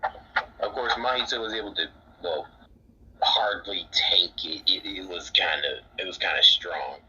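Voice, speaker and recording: A young man recapping a story in a rambling, halting, mumbly way. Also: low-pitched, pushed and bright, breathy edge. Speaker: co-host. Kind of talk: casual fan recap. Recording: dull lo-fi mic with faint hiss.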